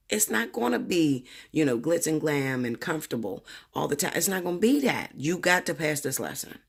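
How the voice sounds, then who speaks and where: A woman giving a casual tarot reading, talking bluntly and profanely with animated storytelling. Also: low voice, moderate pace, creaky, few pauses, slightly rough. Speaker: tarot reader.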